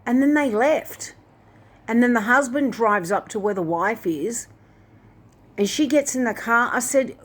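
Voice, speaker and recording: A woman's voice: a little high, measured pace. A woman casually retelling a dream in a rambling way, full of fillers like "like" and "and that". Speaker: Christian video host.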